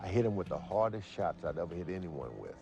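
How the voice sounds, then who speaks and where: A man's voice: low voice, big pitch swings, fast, gravelly, highs cut off, music in the background. An older man, a former boxer, answering interview questions with folksy, reflective stories and a few fillers.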